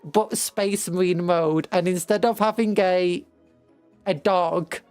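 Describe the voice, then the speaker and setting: Young British woman streamer, lowish voice, dry close sound, chatty and rambling, faint music under her. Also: takes it slowly, no echo. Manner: rambling, animated retelling of a story with asides. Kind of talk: casual chat while playing a game.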